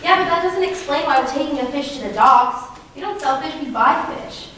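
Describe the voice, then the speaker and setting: A teenage girl playing a nervous, exasperated chef who keeps begging her partner to calm down. Her voice is high and comes from far off, in a very echoey school auditorium. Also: a little fast, slight background noise. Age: teens. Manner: exasperated, pleading. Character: nervous, exasperated young female chef accomplice. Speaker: student actor. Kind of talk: high school stage comedy.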